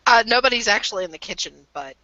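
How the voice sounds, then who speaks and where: A woman narrating a tabletop game as game master, relaxed and profane. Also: fairly high pitch, fast. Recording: dull lo-fi voice chat.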